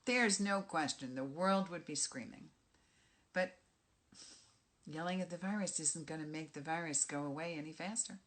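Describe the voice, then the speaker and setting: Deep-voiced new york lady coaching, blunt and punchy, middle-aged. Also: normal speed, fairly bright tone. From Bronx, New York. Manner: emphatic and direct, punches key phrases. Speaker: life coach. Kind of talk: motivational monologue.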